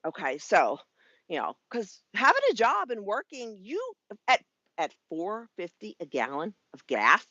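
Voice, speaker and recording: A woman in her fifties hosts a casual live stream with a bright, lively voice that swings up and down as she talks. She is frank, swears easily and laughs a lot. The sound is dry and a little dull. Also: mid-range voice, a little slow, no room sound. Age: 50s. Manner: chatty and frank, swears freely, laughs often. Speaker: spiritual life coach and YouTube live host. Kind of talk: casual livestream monologue.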